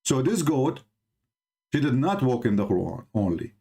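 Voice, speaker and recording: A man's voice: medium pitch, very animated, normal speed, warm tone, breathy edge. A man from the Middle East, a native Arabic speaker, hosting a live stream and mocking a video with rhetorical questions in broken English. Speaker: host of a religious debate live stream. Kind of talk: sarcastic live commentary on a video.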